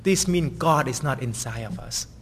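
A man's voice: mid-range voice, lively intonation, moderate pace, slightly rough, long reverb tail. A man preaching a sermon in a conversational way, often asking "right?" as he tells stories.

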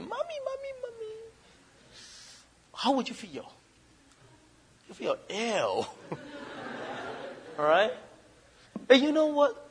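A middle-aged man with preaching a sermon, swinging between loud emphasis and soft asides. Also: husky. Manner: mimics whining child voices in falsetto. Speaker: pastor.

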